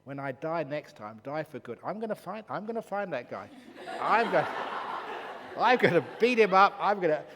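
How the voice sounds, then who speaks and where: A man's voice: fairly high pitch, big pitch swings, normal speed, long reverb tail, heavy background noise, pitched above the performer's own voice. A man putting on a feisty defiant old woman. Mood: furious. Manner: loud, indignant.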